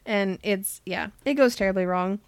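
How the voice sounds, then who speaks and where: A woman of middle pitch chats casually as a podcast host, recounting a story in an animated way and slipping into quick quoted voices. The sound is dry and close, with little room to it. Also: clear, resonant tone, no room sound. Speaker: podcast host recapping a book. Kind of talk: casual chat.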